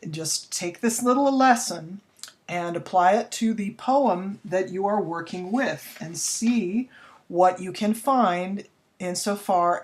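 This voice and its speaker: A woman teacher explaining poetry to her students in a recorded lesson, chatty and unscripted, exaggerating the rhythm when she reads verse aloud. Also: fairly low pitch. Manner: uses fillers and restarts, chatty.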